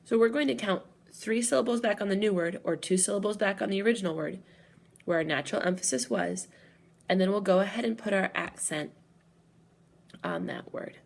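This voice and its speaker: Woman, language teacher, gravelly edge, calm explaining tone. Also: medium pitch, fairly quick. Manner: patient, step-by-step explaining. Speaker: Spanish teacher. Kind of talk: recorded classroom lesson.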